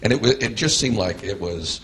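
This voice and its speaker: A workshop participant, a man, sharing his experience in a halting way, searching for words. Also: fairly low pitch, animated, fairly bright tone, a little hiss or hum.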